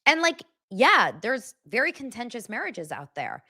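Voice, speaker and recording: A woman's voice: a little high, very animated, normal speed, sharp tone. A woman hosting a casual celebrity gossip vlog, chatting straight to her viewers. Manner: chatty, addresses viewers directly.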